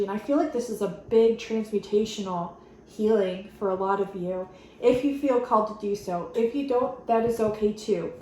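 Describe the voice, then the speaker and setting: A woman giving a channeled spiritual card reading, earnest and gently giggly, reading card messages aloud. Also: medium pitch, normal speed. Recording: very echoey room with faint noise.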